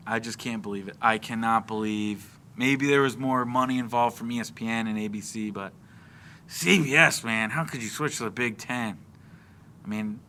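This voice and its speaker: A man's voice: mid-range voice, pushed and bright. A young man from Florida, co-hosting a casual sports talk show and recapping the game play by play in a chatty way. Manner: chatty, recaps plays at length. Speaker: podcast co-host.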